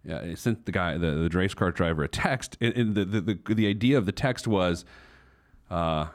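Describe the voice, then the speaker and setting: A man's voice: sits low, moderate pace. A man hosting his own podcast, telling a story casually, full of fillers, restarts and laughter. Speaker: podcast host. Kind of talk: casual chat.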